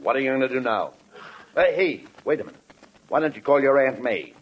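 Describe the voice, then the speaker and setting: A man's voice: medium pitch, very animated, brisk, highs cut off. A man playing straight man in a 1940s radio comedy, bossy and exasperated. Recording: hissy 1940s radio broadcast with audience laughter.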